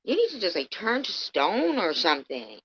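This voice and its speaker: A woman ranting angrily on a livestream, swearing heavily and swinging between low muttering and loud outbursts. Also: huge pitch swings, moderate pace, husky. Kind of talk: angry ranting livestream commentary. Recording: dull lo-fi stream audio.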